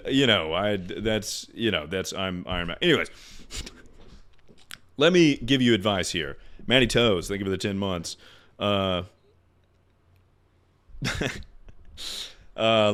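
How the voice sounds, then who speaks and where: A man's voice: mid-range voice, fairly bright tone. A young man streaming live, giving loose advice to his chat in a joking, rambling way with plenty of swearing. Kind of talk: casual livestream chat.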